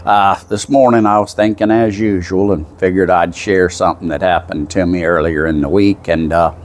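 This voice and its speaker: A man's voice: deep voice, steady tone, normal speed, a little hiss or hum. A man with a Southern US accent telling a folksy, meandering story in a casual monologue, full of asides. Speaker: vlogger.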